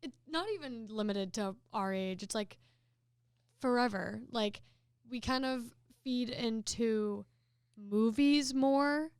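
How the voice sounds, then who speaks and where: A woman's voice: on the high side, takes it slowly, clear, resonant tone, no echo, studio quality. A young woman co-hosting a podcast, talking in a rambling, reflective way with many fillers. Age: young adult. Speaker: podcast co-host. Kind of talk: casual chat.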